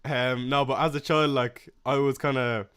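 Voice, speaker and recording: A young man from Ireland talks loosely through viewer questions on a live stream. His voice is smooth and clean, pitched in the middle, and he rambles with plenty of ums and uhs. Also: normal speed. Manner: relaxed, rambling, filler-heavy. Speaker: livestream host answering chat questions. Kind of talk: casual live Q&A chat.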